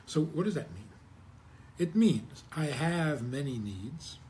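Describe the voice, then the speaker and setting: Wry rabbi giving a chuckling talk. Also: male voice, a little high, animated, slow, a little mellow, a little hiss or hum. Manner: chuckling, rhetorical questions, wry humor. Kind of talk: conversational Torah talk.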